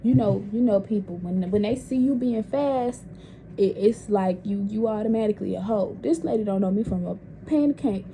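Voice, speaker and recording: A woman's voice: medium pitch, normal speed, mellow, slight background noise. A young woman telling a personal story in a casual vlog, candid and profane. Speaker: vlogger.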